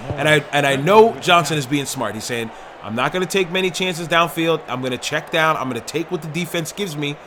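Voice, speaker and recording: A man with a slightly high voice gives thrilled play-by-play on a football video game stream, shouting a lot and clearly outraged by the officiating calls. The background is noisy.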